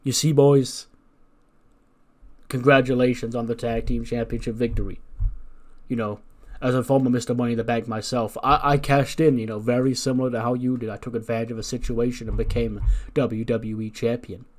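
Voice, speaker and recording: A man's voice: medium pitch, flat delivery, a little fast, lightly acted. A confident wrestling champion, put on by a man narrating a game, firm and challenging. The voice stays near the narrator's own. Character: confident male wrestling champion cutting a promo.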